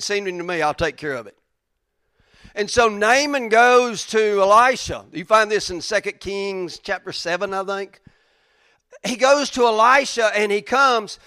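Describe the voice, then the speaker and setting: Male preacher, high-pitched, bright and dry, chatty storytelling sermon. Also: clean tone, no room sound. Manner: folksy, conversational, acts out characters' lines.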